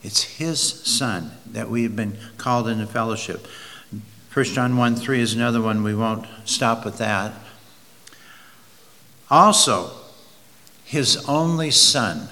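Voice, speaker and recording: A man's voice: fairly low pitch, bright, forceful tone, in a large hall. A man preaching an expository sermon, reading verses aloud and leaning hard on key words. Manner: slow, emphatic, drawn-out stresses on key words.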